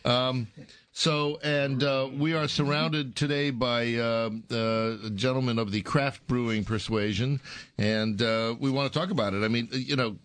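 A man's voice: mid-range voice, steady tone, fairly bright tone. Joking, bantering male radio host. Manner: joking, bantering, a bit halting. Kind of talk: casual food-and-drink talk show.

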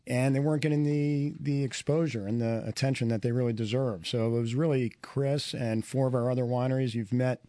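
A man's voice: medium pitch, steady tone, brisk, hardly any pauses, dark tone, no echo. A man, a wine sales director, explaining his business plainly as a radio guest. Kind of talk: casual radio chat.

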